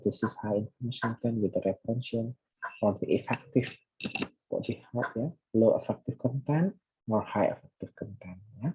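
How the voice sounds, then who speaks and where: Man, Indonesian accent, lecturing, "ya" and "nah" fillers, low husky voice. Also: dark tone, dull audio. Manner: switches between English and Indonesian, frequent "ya" and "nah" fillers. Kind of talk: recorded lecture.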